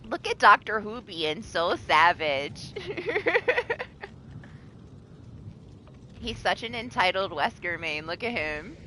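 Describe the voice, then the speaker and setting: A woman streaming herself playing a game live, reacting loudly with laughs and curses and teasing the other players. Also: medium pitch, big pitch swings, slow pace, long pauses, a little hiss or hum. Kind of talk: live gameplay commentary.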